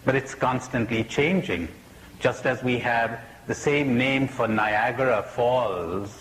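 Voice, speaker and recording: Slow, reflective male speaker. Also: medium pitch, a bit bright, roomy sound, long reverb tail, rough recording. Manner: storytelling with jokes, laughs at own punchlines. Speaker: spiritual teacher. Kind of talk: recorded public talk. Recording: faint hiss, 1980s talk recording.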